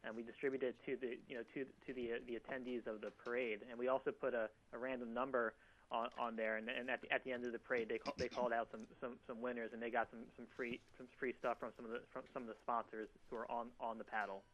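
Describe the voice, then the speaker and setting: A man calls a radio show in a flat voice, quick but halting and repeating his words. The line sounds dull and lo-fi. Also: mid-range voice. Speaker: caller. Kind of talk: phone call to a radio show.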